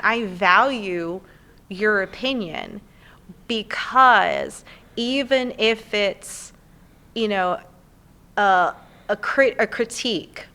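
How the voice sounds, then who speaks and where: An animated young woman talking as a guest on a casual podcast. She tells stories and acts out what others said in playful quoting voices. Her pitch sits in a normal middle range. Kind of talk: casual chat.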